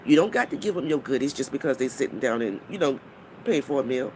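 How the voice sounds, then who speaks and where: A woman's voice: a bass voice, expressive, fast, a little mellow, a little hiss or hum. A woman on a live stream, talking bluntly and mockingly to her viewers, swearing freely and stopping to greet people in the chat.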